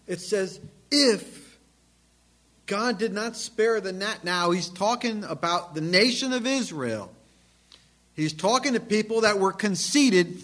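Emphatic high-voiced male preacher. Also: fairly bright tone. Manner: emphatic, dramatic swings in volume and pitch. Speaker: pastor. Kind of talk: sermon. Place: church.

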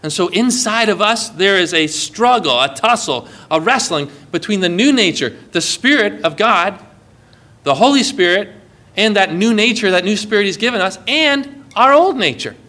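High bright-voiced pastor guy preaching, earnest and emphatic, big swings up and down. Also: animated, moderate pace. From United States. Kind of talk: sermon.

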